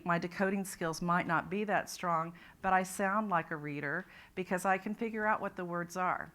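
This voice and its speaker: Woman, lowish voice, conference presenter, explanatory, restarts often. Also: pushed and bright. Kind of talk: conference talk on literacy. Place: conference room.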